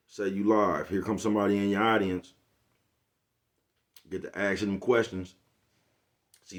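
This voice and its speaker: A man talking casually to his viewers in a slangy, laid-back rant, often checking in with "you get what I'm saying". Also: deep voice. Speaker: channel host. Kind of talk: casual vlog monologue.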